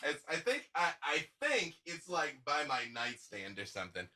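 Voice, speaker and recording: A man, a game master being interviewed, chatting casually and telling stories in an animated way, laughing often. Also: fairly high pitch, normal speed, dry recording.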